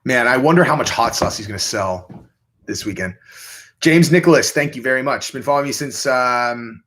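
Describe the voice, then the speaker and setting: A man's voice: normal speed, a bit bright. A young man hosting a casual livestream, reading viewer questions and rambling in a crude, offhand way. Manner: rambling, crude, jumps into high mocking voices when quoting. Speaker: livestream host.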